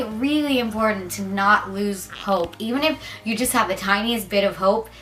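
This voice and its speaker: A woman's voice: mid-range voice, fairly bright tone. Sincere young woman, hopeful advice. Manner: sincere, self-deprecating. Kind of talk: casual advice talk to camera.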